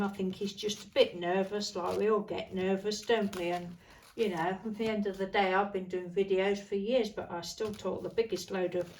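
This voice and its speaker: A woman's voice: mid-range voice, slight background noise, poor audio. A British woman chatting casually as she shows her crafts, rambling and cheerful. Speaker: craft vlogger. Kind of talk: casual chat while crafting.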